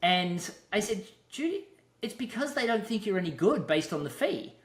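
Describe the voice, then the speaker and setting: A man's voice: sits high, big pitch swings, a bit bright. Roomy-sounding man hosting an interview. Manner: reflective, halting, with restarts. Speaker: podcast host. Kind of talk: casual interview chat. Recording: roomy echo.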